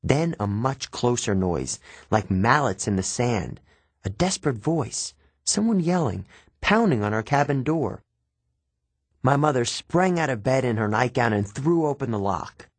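A man narrating a first-person audiobook with measured, expressive storytelling. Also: mid-range voice, dry recording.

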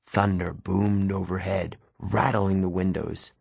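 A man reading scripted first-person narration for an audiobook, steady. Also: low-pitched, moderate pace, vocal fry, few pauses, breathy edge, no echo. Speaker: audiobook reader.

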